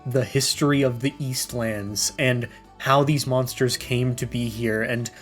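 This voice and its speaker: Young man, middle pitch, critical opinionated podcast talk, faint music in the background. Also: steady tone, a little slow. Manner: opinionated, critical, rambling with fillers. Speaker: podcast co-host. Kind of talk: casual chat.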